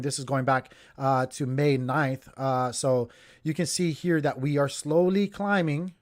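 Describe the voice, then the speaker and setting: A man hosting a casual livestream, talking viewers through charts in a chatty, joking way and speaking straight to them. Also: mid-range voice. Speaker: crypto livestream host. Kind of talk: casual live chart commentary.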